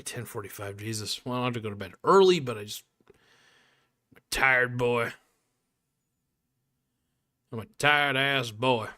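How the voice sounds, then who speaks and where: A man's voice: medium pitch, sharp tone. A man hosting a casual live stream, talking in a laid-back, joking and rambling way, swearing now and then.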